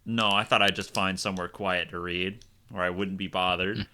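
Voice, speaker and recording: A man voicing a grumpy old man who smokes a pipe, with a gravelly voice and a curt, weary way of speaking. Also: deep voice, fairly even intonation, moderate pace, pushed and bright, heavily acted.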